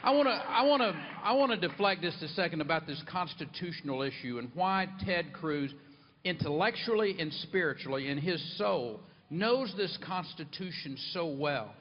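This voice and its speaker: A man's voice: fairly high pitch, expressive, moderate pace. A man, a former governor speaking in a folksy, emphatic stump-speech style during a live interview at a rally. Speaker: former governor, campaign surrogate. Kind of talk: live political interview on stage. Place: outdoor rally stage. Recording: muffled live mic with loud crowd noise.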